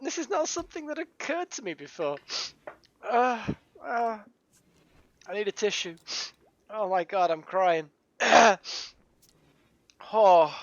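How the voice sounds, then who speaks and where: Gamer streaming, slow and giggly, dull dry lo-fi mic sound. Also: medium pitch, a bit bright, no room sound. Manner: giggly, keeps breaking into laughter; rambling, full of restarts and fillers. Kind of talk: casual live-stream gaming chat.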